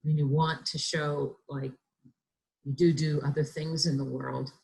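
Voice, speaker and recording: A woman's voice: low-pitched, flat delivery, a little slow, vocal fry, darkish tone. A woman asking a question on a webinar call, hesitant and searching for her words. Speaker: webinar participant. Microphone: video call.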